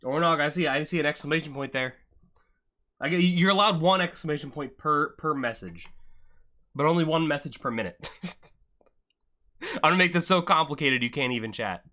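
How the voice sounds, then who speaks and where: Bright-voiced joking stream host, man. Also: on the high side, normal speed, long pauses. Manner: joking banter with chat, self-deprecating. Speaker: livestream host and event commentator. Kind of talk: casual live-stream commentary.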